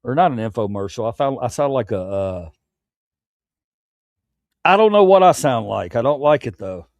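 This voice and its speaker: A man's voice: medium pitch, very animated, moderate pace, darkish tone, dry recording. A grown man hosting his own late-night livestream, chatting candidly with viewers, rambling and stammering through restarts with casual swearing. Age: adult, past his youth. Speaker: livestream host.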